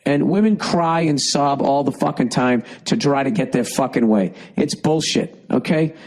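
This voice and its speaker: Blunt, profane podcast host ranting. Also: male voice, medium pitch, moderate pace, a little mellow, rough recording. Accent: Boston. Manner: profane, blunt, rambling with asides. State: fighting a cough. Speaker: podcast host reading listener emails. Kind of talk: casual comedic advice rant.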